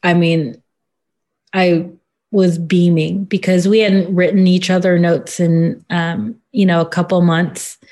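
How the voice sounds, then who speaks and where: A woman in an interview who gives a personal account in a halting, subdued way, with many pauses and fillers. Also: on the low side, level tone, dark tone. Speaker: interview guest.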